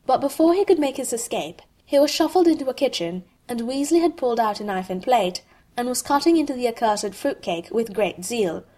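A woman reading a humorous fan fiction story aloud in an expressive, wry way. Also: fairly high pitch, a little fast. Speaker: narrator.

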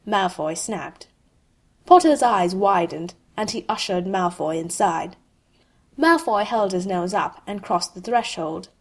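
A woman reading a humorous fan fiction story aloud in an expressive, wry way. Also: mid-range voice, unhurried, breathy edge. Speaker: narrator.

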